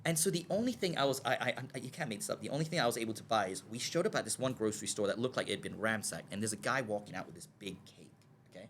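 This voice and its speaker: There's slight background noise as a man, appearing as a guest on a podcast, rattles off a story in a lowish voice. He performs the dialogue from the scenes he recounts, keeps tossing in "okay?", and stammers with repeated words once he's excited.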